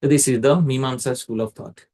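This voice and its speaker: A man's voice: medium pitch, fairly even intonation, fairly quick, warm tone. A man leads a scripture class, explaining step by step and quizzing a student by name. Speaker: facilitator teaching a scripture class. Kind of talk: explanatory lecture.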